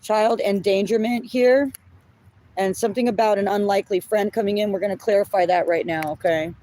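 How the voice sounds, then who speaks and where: A woman's voice: mid-range voice, steady tone, brisk, warm tone, a little hiss or hum. Blunt, apologetic woman tarot reader. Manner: apologetic, blunt, swears when upset. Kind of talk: collective reading, casual talk.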